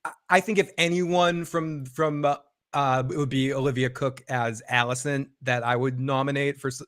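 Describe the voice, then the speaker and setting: A man's voice: mid-range voice, fairly even intonation, moderate pace, fairly bright tone. A man co-hosting a casual live stream, joking and chatting. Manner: joking, laughs easily.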